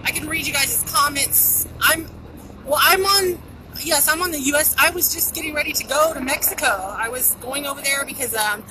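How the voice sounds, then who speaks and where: Live on her handheld phone, a woman reports as a citizen from a pedestrian bridge at a busy border crossing, commenting without a script. At a moderate pace, her high-pitched voice sounds urgent and excited, slightly out of breath, and she says things repeatedly. Helicopters and traffic fill the noisy outdoor phone recording.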